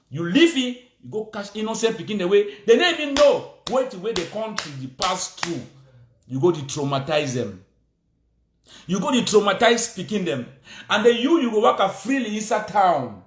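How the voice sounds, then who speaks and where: A man's voice: sits high, echoey room. A man with a Cameroonian Pidgin English accent, delivering a heated, repetitive political rant, scolding and insistent.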